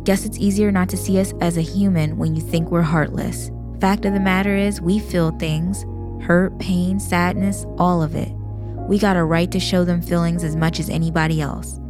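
A woman's voice: fairly low pitch, steady tone, moderate pace, music in the background, close to an everyday voice. A woman reading the lines of a firm, caring older male shopkeeper, talking plainly to a teenager. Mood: earnest. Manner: firm, fatherly, plain-spoken. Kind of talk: audiobook-style reading.

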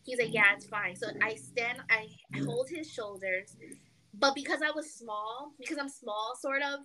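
A young woman co-hosting a casual podcast, telling a long story with animated quoting and lots of "like". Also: on the high side, unhurried, slight background noise, low-quality recording. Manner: animated storytelling, acts out quotes, peppered with "like". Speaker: podcast co-host. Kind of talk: casual chat.

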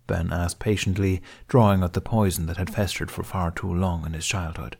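A man narrating a fan fiction audiobook in a steady, even reading. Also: deep voice, moderate pace, vocal fry, hardly any pauses, slightly rough.

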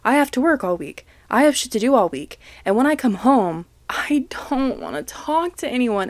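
A woman's voice: a little high, very animated, moderate pace, few pauses, a little mellow, dry recording. A young woman hosting a casual solo podcast from home, talking frankly and self-deprecatingly, swearing and laughing as she vents. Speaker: podcast host. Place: home, other people coming and going.

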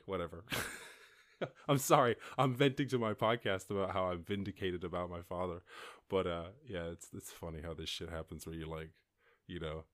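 A man's voice: sits low, no room sound, studio quality. An Irish man hosting a solo podcast, rambling and swearing with frequent laughs and restarts. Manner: rambling, profane, laughing, self-interrupting. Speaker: podcast host. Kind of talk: solo podcast rant over news headlines.

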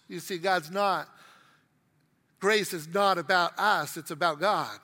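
This middle-aged pastor takes his sermon slowly, pausing often as he tells funny stories and acts out the quotes. His voice sits high, pushed and bright, followed by a long reverb tail.

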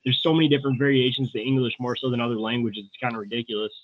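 Male US host, quick and profane, heard over a thin call line with no room sound. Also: mid-range voice, fairly even intonation, dry recording. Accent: American. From USA. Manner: fast, loose and heavily profane. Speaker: podcast host. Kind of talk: casual podcast chat. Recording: tinny phone-like call audio.

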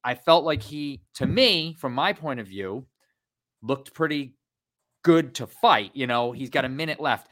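A man in his thirties co-hosting a casual fight podcast, animated and rambling, swearing freely. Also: mid-range voice, unhurried. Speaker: podcast co-host.

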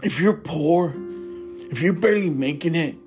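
High-voiced guy doing a religious podcast, earnest, repeats himself a lot, soft music behind. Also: normal speed. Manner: earnest and fervent, repeats himself, calls listeners brothers and sisters. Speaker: podcast host. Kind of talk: informal religious podcast monologue.

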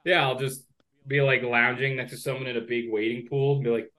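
A man co-hosting a casual comedy podcast, dry and deadpan. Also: medium pitch, a little fast. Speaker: co-host, comedian. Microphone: remote call.

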